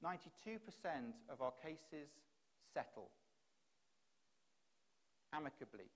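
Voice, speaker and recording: Man, fairly high voice, keynote speech, rhetorical questions, stage microphone. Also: lively intonation, slow pace. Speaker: conference speaker. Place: conference hall.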